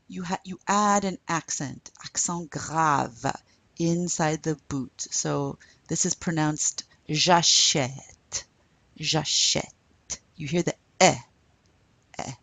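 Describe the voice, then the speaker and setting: A woman teaching a French class in a recorded lecture, slowly modelling words for learners to repeat. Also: deep voice, gravelly, fairly bright tone, husky, no echo. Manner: slow and deliberate, modelling pronunciation for learners to repeat.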